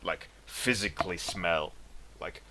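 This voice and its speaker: Against a noisy background, a man with a low-sitting voice speaks slowly. He's an artist chatting casually on his livestream, drifting through thoughts about dreams while laughing often and greeting viewers by reading their chat names.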